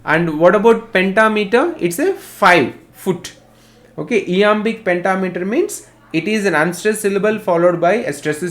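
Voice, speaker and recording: A male teacher with an Indian English accent giving an online literature class, spelling out terms and repeating definitions. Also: sits high.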